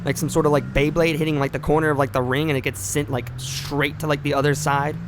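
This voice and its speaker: A man's voice: fairly high pitch, little pitch movement, fast talker, noisy background. A man streaming a driving game, talking in rambling, joking asides full of fillers. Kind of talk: casual gameplay commentary.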